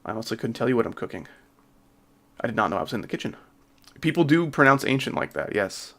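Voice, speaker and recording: Laid-back streamer with a slight Southern lilt. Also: male voice, medium pitch, sing-song, fast talker, vocal fry, fairly bright tone. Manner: laid-back, joking, reads and answers chat. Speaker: game streamer. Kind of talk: casual livestream chat while building a level.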